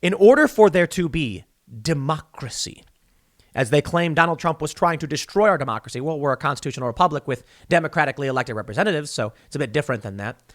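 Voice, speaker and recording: Male podcast host, slightly high-pitched, emphatic solo commentary full of analogies. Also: lively intonation, fast talker, no room sound, clean studio sound. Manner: emphatic, argumentative, builds extended analogies.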